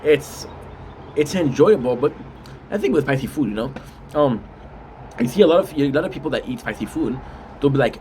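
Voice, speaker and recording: A man's voice: mid-range voice, lively intonation, fairly quick, a little mellow, a little hiss or hum. A man chatting casually on a live stream while eating spicy food, rambling with restarts and frequent mm sounds.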